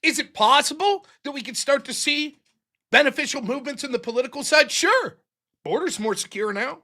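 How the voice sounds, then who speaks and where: A man's voice: very high-pitched, animated, brisk, sharp tone. A man hosting a livestream, ranting angrily about politics, swearing often and firing off rhetorical questions. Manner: angry, profane, rhetorical questions. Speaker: livestream host. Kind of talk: profane political rant on a livestream.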